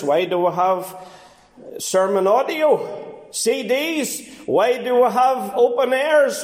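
A man preaching a fervent sermon as pastor, swinging between quiet and raised passages. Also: high-pitched, echoey room. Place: church.

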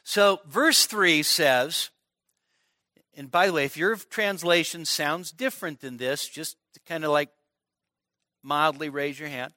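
A man's voice: fairly high pitch, a little slow, pushed and bright, no room sound, studio quality. A male pastor preaching an expository sermon at a midweek church service, talking conversationally and often checking in with the congregation.

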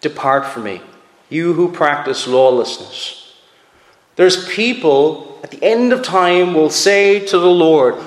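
A man with a slightly high voice preaches to his congregation, earnest and emphatic, doubling words as he presses each point. His voice rings through a roomy church with a long, lingering reverb. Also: lively intonation, slow pace. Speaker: pastor. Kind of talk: sermon. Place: church sanctuary. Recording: echoey hall with long reverb.

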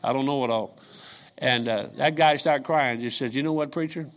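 An older man preaching a sermon, telling folksy stories and swinging from quiet asides to shouts. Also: medium pitch, normal speed. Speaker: pastor.

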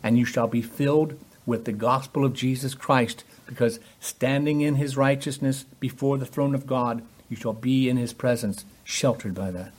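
A man's voice: mid-range voice, normal speed, hardly any pauses, darkish tone. A man preaching a sermon, emphatic and full of rhetorical questions, acting out the voices in the passages he quotes.

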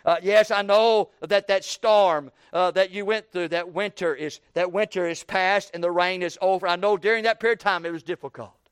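High-voiced preacher with a lilt. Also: male voice, steady tone, moderate pace, few pauses, clear, resonant tone, no echo. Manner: rhythmic preaching, swelling from quiet low phrases to loud ecstatic climaxes. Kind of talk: sermon.

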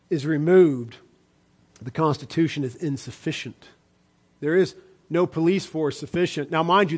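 A man preaching a sermon, swinging from fervent shouts down to low, hushed lines. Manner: impassioned preaching, rising and dropping sharply. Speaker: pastor.

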